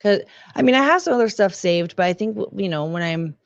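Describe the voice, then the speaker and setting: Hoarse sick woman rambling on stream. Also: medium pitch, expressive, no room sound, dull audio. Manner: rambling, halting, self-deprecating. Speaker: streamer host. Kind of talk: casual stream chat.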